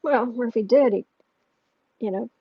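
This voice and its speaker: Brief: American woman streamer, husky voice with some fry, chatty and rambling, muffled lo-fi dry recording. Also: fairly high pitch, moderate pace, no echo. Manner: rambling, reads out viewer questions; soft cooing baby talk to her cat. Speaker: astrology and tarot livestream host. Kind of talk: casual livestream chat. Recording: muffled lo-fi mic, dry room.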